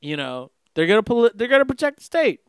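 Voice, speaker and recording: A man's voice: sits high, sing-song, fast, smooth, dry recording, clean studio sound. A young man from the Los Angeles area talking in a casual, rambling monologue, profane and full of fillers and restarts. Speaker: podcast host.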